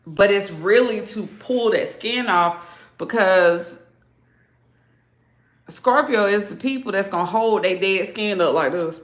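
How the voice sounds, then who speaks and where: Casual zodiac reading from a lady, slow and lively, laughs a lot, roomy echo. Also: medium pitch. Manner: animated, chatty, laughs often. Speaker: tarot reader.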